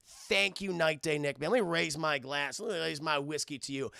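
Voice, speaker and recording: A male streamer reviewing a film, swearing freely and tossing asides to his chat. His voice sits high with a gravelly, bright edge. The close mic sounds dry. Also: moderate pace, no echo. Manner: profane, animated, keeps addressing chat.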